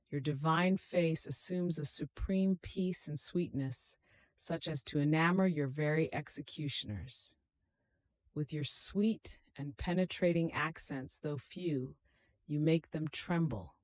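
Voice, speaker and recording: Devotional reading, solemn, meditative, unhurried, dry close recording. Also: medium pitch, no echo. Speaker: devotional reader.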